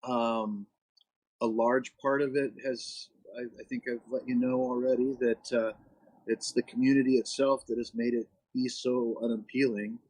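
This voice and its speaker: A man calling in to a live talk show, speaking earnestly and hesitantly with many pauses. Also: mid-range voice, flat delivery, a little mellow, breathy edge, no echo, poor audio. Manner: hesitant, lots of ums, earnest. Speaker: caller. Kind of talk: call-in conversation.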